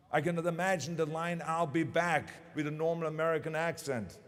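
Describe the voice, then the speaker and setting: Commencement speaker: German-accented man in his 60s, punchy and repetitive in his delivery, slightly high voice ringing through a big venue. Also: brisk, few pauses, long reverb tail. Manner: emphatic, repeats phrases for punch. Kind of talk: motivational commencement speech. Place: large ceremony venue.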